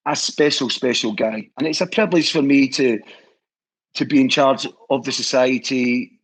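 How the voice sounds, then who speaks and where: In a low-quality recording, a Scottish man heading a historical society shares stories as a guest, enthusiastic and rambling, with many restarts in casual conversation. His medium-pitched voice is slightly rough and moves at a moderate pace.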